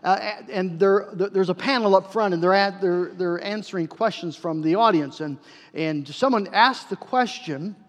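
High-voiced man preaching in a hall. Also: normal speed. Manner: earnest, emphatic preaching with repeated words. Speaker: pastor. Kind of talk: sermon.

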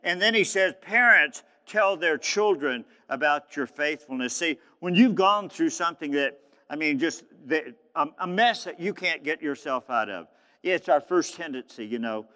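A man preaching a sermon as pastor, swinging between hushed, low passages and loud, high calls. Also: expressive, moderate pace, big-room sound.

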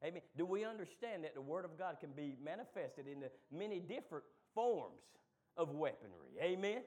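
A man preaching a sermon, moving from quick low asides to loud, shouted call-and-response. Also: very animated.

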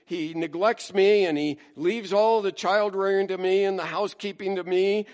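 A man's voice: high voice, fairly even intonation, normal speed, a little mellow, voice pushed up, close to an everyday voice. A man voicing a resentful wife complaining about her neglectful husband. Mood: exasperated. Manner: complaining, exasperated. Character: put-upon wife, adult woman, complaining and resentful.

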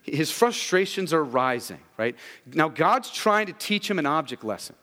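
A man's voice: on the high side, big pitch swings, moderate pace, sharp tone. A man preaching a sermon as pastor, emphatic, often repeating words as he starts a sentence. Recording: long reverb of a large hall.

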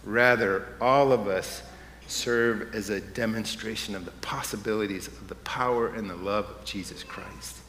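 A man's voice: lowish voice, measured pace, fairly bright tone, slight background noise. A man preaching a sermon as pastor, conversational at first and rising to impassioned emphasis. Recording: echoey hall with faint room ambience.

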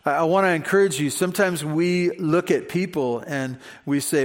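A man's voice: fairly high pitch, moderate pace, few pauses. A male pastor preaching a sermon in a conversational way, with rhetorical questions. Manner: conversational, many fillers and restarts, rhetorical questions.

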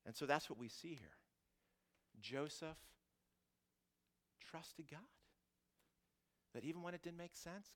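A male pastor preaching a sermon, swinging from loud emphasis to hushed asides, often restarting his phrases. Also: a little high, takes it slowly, pauses often. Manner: animated, shifting from loud to hushed, frequent restarts.

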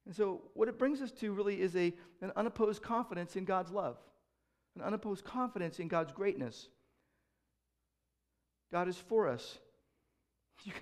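A man's voice that sits high preaches a sermon as pastor. Rhetorical questions and repeated key phrases fill his delivery, which shifts between loud proclamations and quieter reflective asides.

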